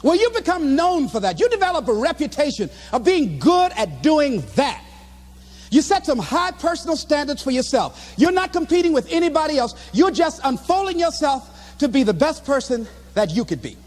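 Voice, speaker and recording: A man giving a motivational speech to a live audience, telling stories with animated delivery and shouting out his own acted lines. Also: extremely high pitch, normal speed. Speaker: motivational speaker.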